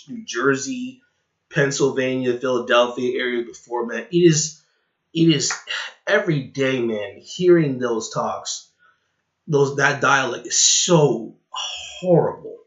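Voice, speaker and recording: A man's voice: medium pitch, expressive, unhurried. A man ranting in a rambling reaction commentary, sighing and repeating himself. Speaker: online commentator. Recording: roomy, dull lo-fi recording.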